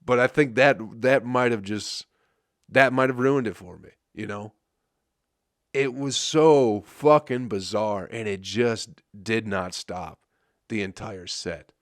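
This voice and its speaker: A man's voice: lowish voice, steady tone, a little slow, a bit bright, no room sound, clean studio sound. A man who is a comedian, telling rambling, profane stories on his podcast and laughing at them. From Flint, Michigan. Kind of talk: casual storytelling monologue.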